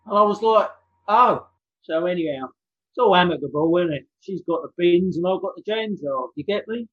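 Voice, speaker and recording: A man voicing a rough, down-on-his-luck male skinhead, blunt and crude in his banter over a video call. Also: sits high, expressive, normal speed, muffled recording. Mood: rueful. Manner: crude, cheeky, blokey banter.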